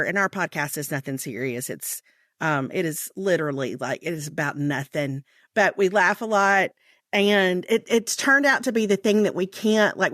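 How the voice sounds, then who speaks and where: A woman's voice: mid-range voice, a bit bright, no echo, clean studio sound. A woman in her forties with a Southern American accent from Mississippi, chatting as a guest on an interview podcast, laughing easily and drawing out her phrases. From Mississippi, USA. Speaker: guest author.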